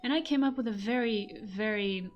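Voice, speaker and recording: A woman's voice: on the high side, moderate pace, muffled recording, faint music behind. A young woman from Europe with a European accent, chatting casually with her stream audience, laughing often and swearing now and then. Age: young adult. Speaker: streamer and voice actor. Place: home room. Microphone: microphone on a desk stand.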